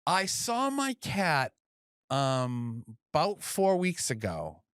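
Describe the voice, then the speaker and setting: Excitable, swearing man on a dry mic. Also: a little high, slow pace, clear, resonant tone, dry recording. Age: 40s. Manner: excitable, profane, acts out animal voices in quotes. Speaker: podcast co-host. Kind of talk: casual chat.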